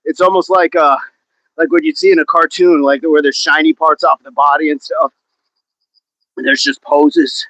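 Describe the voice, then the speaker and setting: A man's voice: on the high side, expressive, moderate pace, a bit bright, no echo, low-quality recording. A man hosting a live workout stream outdoors, counting reps aloud and joking with the chat. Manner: jokey, laughs often, counts reps aloud. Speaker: fitness livestream host.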